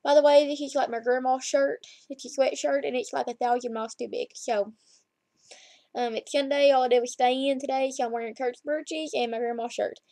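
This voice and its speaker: A woman's voice: sits high, fairly even intonation, brisk, dark tone, no room sound. A woman, chatting and rambling through a story as she vlogs from home on her laptop camera. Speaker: vlogger. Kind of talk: casual chat to camera. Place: at home, lying down. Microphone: laptop webcam.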